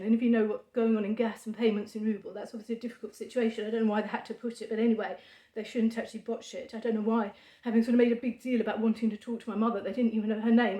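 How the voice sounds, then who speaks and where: A woman's voice: fairly high pitch, mellow. Sarcastic woman in an echoey room. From United Kingdom. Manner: dry sarcasm, halting with many fillers. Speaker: vlogger. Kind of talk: ironic monologue to camera.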